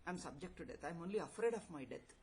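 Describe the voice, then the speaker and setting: A man's voice: a little high, lively intonation, racing, a little mellow, slight background noise, natural voice. A man voicing a muddled fellow who insists he is eternal yet fears death, repeating himself in a flustered way. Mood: worried.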